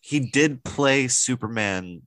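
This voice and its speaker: A man's voice: medium pitch, slow pace, a bit bright, no echo. A man co-hosting a casual chat, enthusiastic and rambling with lots of fillers. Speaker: podcast co-host.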